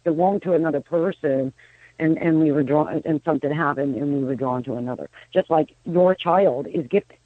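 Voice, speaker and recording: A woman's voice: low-pitched, normal speed, no echo. A woman in her fifties, a psychic medium guest, telling rambling stories on a radio phone-in, often restarting her sentences. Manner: rambling storyteller, frequent restarts. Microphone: telephone. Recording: tinny phone line.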